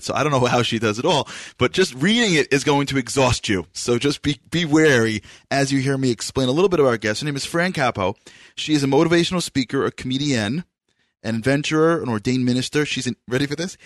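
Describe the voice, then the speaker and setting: Animated New York male radio host. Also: mid-range voice, fairly quick, no echo, clean studio sound. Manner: animated, emphatic, enthusiastic delivery. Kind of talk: energetic radio interview.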